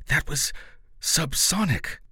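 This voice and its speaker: A man voicing a stuffy, pompous male city scientist who grows flustered, his lines higher than his own narration. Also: big pitch swings, moderate pace, pushed and bright, slightly rough, no room sound, clean studio sound, exaggerated voice. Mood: lecturing. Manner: precise, pompous, growing flustered.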